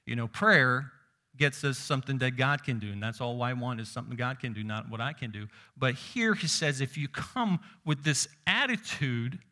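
A man preaching a sermon, moving between loud emphasis and hushed low asides, quoting scripture. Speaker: pastor.

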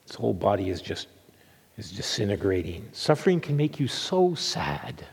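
A middle-aged man preaching a sermon as pastor, earnest and repeating phrases for emphasis, dropping to a hush and then lifting again. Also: on the low side, sing-song, normal speed, vocal fry, husky, long reverb tail.

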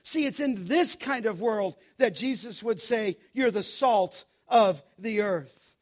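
A man preaching a sermon, building to emphatic, forceful peaks on key lines. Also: high-pitched, slow. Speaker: pastor.

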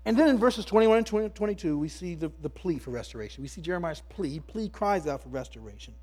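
Husky-voiced preaching man, high-pitched. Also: expressive, fast talker, darkish tone. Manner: emphatic preaching with many repeated words. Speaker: pastor. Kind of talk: sermon.

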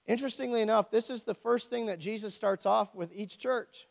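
A man's voice: high-pitched, brisk, gravelly. A middle-aged man preaching a sermon as pastor, conversational and joking, full of rhetorical questions. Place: church. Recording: long church hall reverb.

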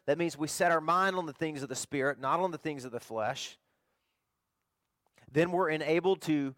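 A middle-aged pastor preaching in a folksy, animated style, climbing to loud emphasis and then dropping low. His voice sits a little higher than most men's, and the sound is close and dry. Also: no room sound. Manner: animated, swings between loud emphasis and quiet storytelling. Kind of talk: sermon.

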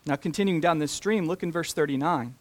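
A man preaching a sermon, talking deliberately and slowing down to stress key phrases. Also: fairly high pitch. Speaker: pastor.

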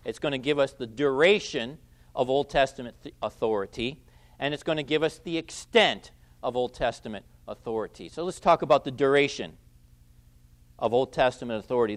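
A man preaching an expository sermon, who stresses key phrases loudly, repeats them and lets his phrase endings drop quiet. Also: medium pitch, fairly quick. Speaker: pastor.

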